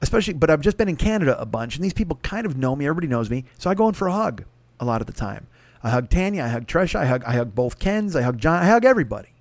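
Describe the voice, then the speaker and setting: Man, podcast host, comic storytelling, rambling, profane, slightly high voice, dry. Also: very animated, rapid-fire, dry recording. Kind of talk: comedic storytelling.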